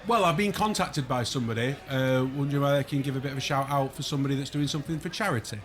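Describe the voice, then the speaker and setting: Man, mid pitch, teasing, chatty podcast co-host. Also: very fast. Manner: teasing, chatty, moves the talk along. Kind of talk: casual chat among old friends.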